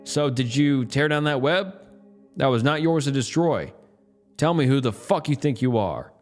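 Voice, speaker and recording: A man's voice: mid-range voice, animated, moderate pace, soft background music, pitched above the performer's own voice, natural voice. A man voicing a stern, hostile man in his fifties who barks orders in a cop-like tone. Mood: threatening. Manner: shouting, cop-like barked orders.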